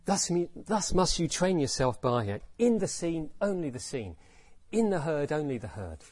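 Guy reading as the buddha, calm teacher, slow solemn lines, a bit husky. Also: on the high side, no room sound. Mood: brisk. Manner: measured, solemn recitation.

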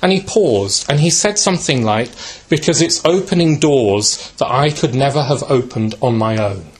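Man, spiritual talk, gentle storytelling, mid pitch, uh fillers, asks yeah. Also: expressive, normal speed. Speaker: speaker giving a talk.

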